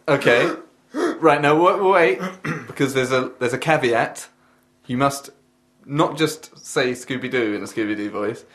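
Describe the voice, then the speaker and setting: A man's voice: mid-range voice, measured pace, fairly bright tone. A man hosting a casual podcast chat, rambling and joking with many hesitations. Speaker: podcast host.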